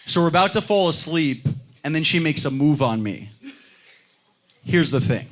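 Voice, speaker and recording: A man's voice: a little high, animated, moderate pace. A young man doing a self-deprecating stand-up set on a club stage, acting out other people's voices. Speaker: stand-up comedian. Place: comedy club stage before a live audience. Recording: live club set with loud crowd laughter. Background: audience laughter.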